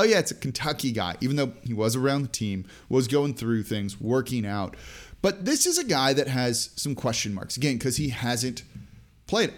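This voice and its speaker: A man hosting a sports podcast, talking casually through his analysis and asking the listener rhetorical questions. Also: a little high. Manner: conversational, asks rhetorical questions. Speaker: podcast host. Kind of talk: sports podcast talk and ad read.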